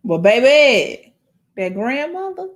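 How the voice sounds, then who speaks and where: Animated woman chatting to viewers. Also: sits high. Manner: animated, preachy, talks straight to viewers; emotional, tearful, halting. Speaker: host. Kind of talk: casual livestream chat.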